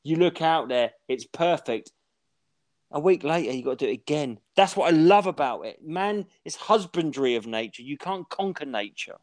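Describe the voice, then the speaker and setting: A podcast co-host in his forties rambles and swears while telling animated stories in casual conversation. His voice is a little high, and he talks at a moderate pace.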